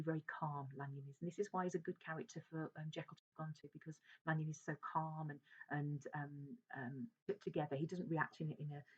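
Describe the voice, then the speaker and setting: A woman teacher who reads from a novel and talks through each passage. She speaks hesitantly, with many fillers and restarts. Her voice is low and husky, and the recording sounds dull and lo-fi. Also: darkish tone. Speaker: English teacher. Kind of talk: reading and explaining a novel.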